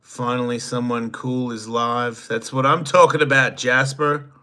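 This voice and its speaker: Slow, bright-voiced Australian man. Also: mid-range voice, fairly even intonation, clean tone. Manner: laid-back, crude, joking, reads viewer comments aloud. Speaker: host reading live chat. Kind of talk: casual livestream chat.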